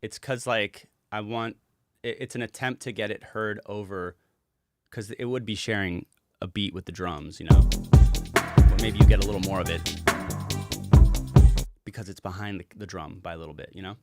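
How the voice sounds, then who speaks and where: A man's voice: fairly low pitch, steady tone, normal speed, pauses often. A man casually walking through a song's production session as a music producer, chatty and rambling and swearing now and then.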